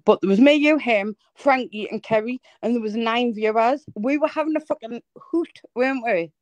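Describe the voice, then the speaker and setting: A woman's voice: on the high side, darkish tone, dry recording, muffled recording. Sweary teasing Irish woman on a live call. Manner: sweary, teasing, quick-fire. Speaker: livestream host. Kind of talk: casual crude banter on a livestream.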